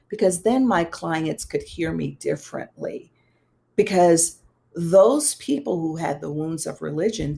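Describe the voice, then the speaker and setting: A woman guest, a psychologist and pastor, telling a personal story in an interview, animated and conversational with touches of self-deprecating humor. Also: gravelly. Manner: animated, acts out quoted dialogue with big pitch swings.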